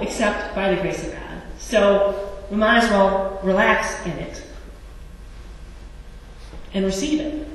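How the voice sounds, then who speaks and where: Brief: woman preacher, chatty and wry, fairly high voice, heard from afar in a long-reverb church hall. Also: fairly bright tone. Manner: conversational and wry, with asides to the congregation. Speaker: pastor. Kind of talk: sermon. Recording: echoey church hall, distant mic.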